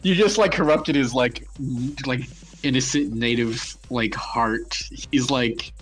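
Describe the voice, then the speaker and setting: A man's voice: medium pitch, unhurried, soft background music, poor audio. A man narrating as game master in a casual, chatty way, full of fillers. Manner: casual, laughing, lots of fillers.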